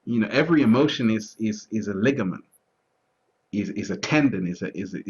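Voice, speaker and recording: A man with a low, husky voice talks through his ideas in an easygoing interview, circling back and restarting phrases as he goes. The recording sounds dull and lo-fi. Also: animated, a little fast, a bit bright. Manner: repeats words, restarts often, asks "you see what I'm trying to say". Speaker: interview guest. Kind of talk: reflective casual conversation. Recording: dull lo-fi audio.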